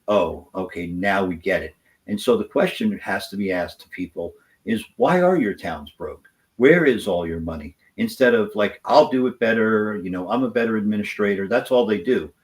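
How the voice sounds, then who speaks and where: A conservative activist appears as a guest on a political talk show, arguing his case with passion and rambling as he goes. His voice is deep, and the recording quality is poor.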